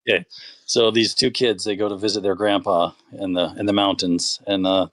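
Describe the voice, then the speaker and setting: A man calling in to a show, chatting casually and rambling with warm thanks. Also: fairly low pitch, little pitch movement, normal speed. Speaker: caller. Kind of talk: casual call-in chat.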